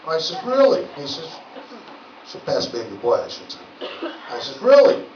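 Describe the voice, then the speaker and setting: A man's voice: mid-range voice, expressive, normal speed. A man doing stand-up, telling rambling folksy stories with lots of filler words in a legion hall. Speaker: stand-up comedian. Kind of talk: stand-up storytelling. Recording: roomy, distant, dull lo-fi with noise.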